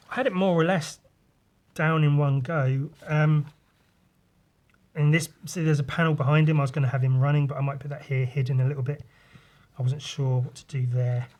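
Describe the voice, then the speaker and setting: A man's voice: medium pitch, darkish tone. Rambling man talking through his comics. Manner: loose and rambling, swears, mimics sound effects. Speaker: podcast host. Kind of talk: casual chat walking through comic pages.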